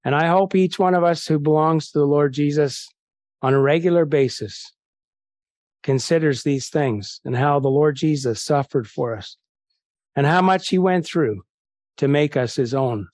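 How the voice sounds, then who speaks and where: A man's voice: on the high side, a little mellow, no room sound. Earnest preacher man, dry close sound. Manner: earnest, rising to indignant rhetorical questions. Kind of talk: evangelistic sermon with Bible reading.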